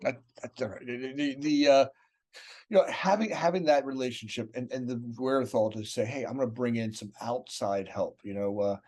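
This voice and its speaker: A man's voice: medium pitch, a little fast, darkish tone. A man in casual business chat, rambling and repeating words, often tagging sentences with "right?".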